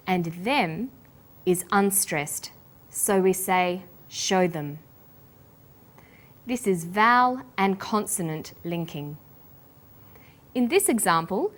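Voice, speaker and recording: A woman with an Australian accent presenting an English pronunciation lesson, speaking slowly and enunciating every sound with care. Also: medium pitch. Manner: slow, careful, clearly enunciated. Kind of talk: scripted lesson narration.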